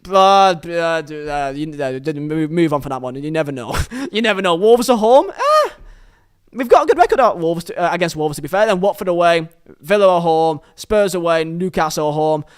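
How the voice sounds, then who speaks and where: A man's voice: fairly high pitch, animated, moderate pace, clean tone. A man hosting a solo football podcast, giving an opinionated review in a rambling way, often restarting his phrases. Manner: earnest, opinionated fan.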